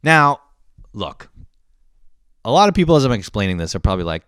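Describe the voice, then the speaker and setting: A man's voice: on the low side, brisk, smooth, dry recording, clean studio sound. A young man ranting comedically, swearing a lot and laughing often. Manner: profane, animated, laughs often. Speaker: host. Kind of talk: comedic monologue rant.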